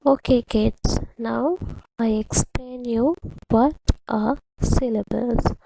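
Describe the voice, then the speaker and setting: A woman's voice: on the high side, takes it slowly, vocal fry, warm tone, slight background noise, rough recording. A woman teaching a primary English lesson, patiently explaining to children and repeating words syllable by syllable. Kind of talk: slow, deliberate classroom instruction to children.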